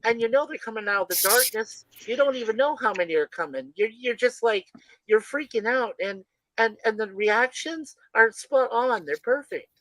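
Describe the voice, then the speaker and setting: A man's voice: high-pitched, animated, normal speed, bright, forceful tone, dry recording, poor audio. A man on a casual movie review panel, enthusiastic and emphatic in his praise.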